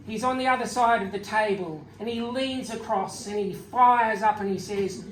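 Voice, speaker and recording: An Australian-raised man, an author, giving a wry, gently humorous speech full of anecdotes at a book launch. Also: sits high, takes it slowly. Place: event venue, indoors. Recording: echoey room from far off, faint noise.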